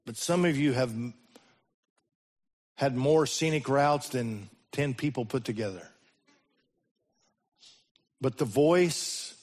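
A man preaching a sermon as the pastor, his voice swinging between sudden loud rises and slow, hushed drops. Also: medium pitch.

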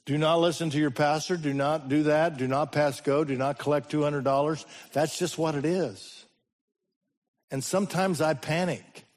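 A man preaching a sermon as the pastor, his voice swinging between sudden loud rises and slow, hushed drops. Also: fairly high pitch, steady tone.

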